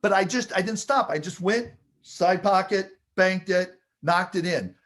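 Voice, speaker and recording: A man with a slightly high-pitched voice recounts a personal story. He tells it with animated energy, building excitement and acting out each moment as he speaks. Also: a little slow. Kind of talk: storytelling anecdote.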